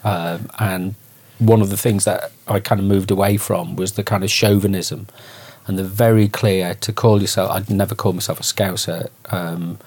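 A man's voice: low voice, darkish tone, slightly rough. A man from Liverpool interviewing, asking thoughtful, probing questions with some hesitation. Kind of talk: conversational interview.

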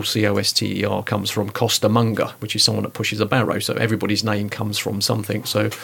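A man's voice: lowish voice, creaky, slightly rough. A middle-aged man from the East End of London, a guest telling stories in a chatty, rambling way. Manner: rambling, chatty, lots of asides. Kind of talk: casual conversational storytelling.

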